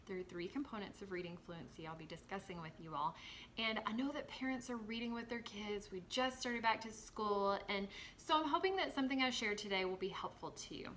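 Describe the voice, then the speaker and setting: A woman with a Southern US accent, a former teacher explaining reading skills to parents in a clear, encouraging tutorial. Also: mid-range voice, brisk, a bit bright, slight background noise. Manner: clear, encouraging, models examples with her voice.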